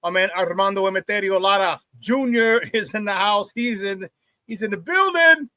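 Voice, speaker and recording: A man hosting a morning sports talk show, chatting casually with hype-man energy, greeting viewers and shouting out the chat. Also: high-pitched, expressive, normal speed, no echo.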